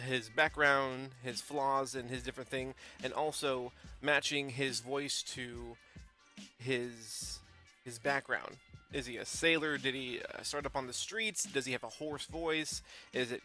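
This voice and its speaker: A man's voice: medium pitch, bright, forceful tone. A man giving a casual, loosely rambling tutorial with lots of "uh" and "um" fillers. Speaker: tabletop game YouTuber.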